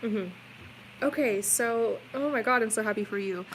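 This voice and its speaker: A woman's voice: fairly high pitch, normal speed, slight background noise, rough recording. A woman giving a tarot reading on a live stream, talking in a chatty, reassuring way with many "like" fillers. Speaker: tarot reader.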